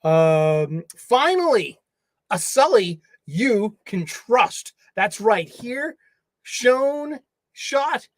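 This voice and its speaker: An American man hosts his own casual solo livestream from a home studio, joking playfully and chatting to the stuffed animals around him. His high voice is sing-song and very slow, with no room sound.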